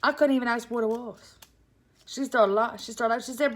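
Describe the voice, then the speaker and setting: A woman with a Cajun Louisiana accent spins a comic tale, talking to her listeners as "y'all". Her voice sits a little high and she tells it with lively, casual energy. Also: a little fast. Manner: animated, addresses listeners as "y'all". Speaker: storyteller.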